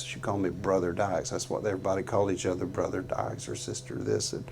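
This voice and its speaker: A middle-aged man telling an earnest, folksy story to a live audience in a guitar showroom, halting often with fillers. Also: low-pitched, lively intonation, gravelly, slight background noise.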